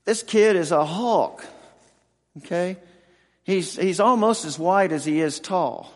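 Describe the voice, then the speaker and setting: A man in his sixties, a pastor and football chaplain, preaching a sermon with halting, emotional storytelling and many restarts. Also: high-pitched, long reverb tail. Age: 60s.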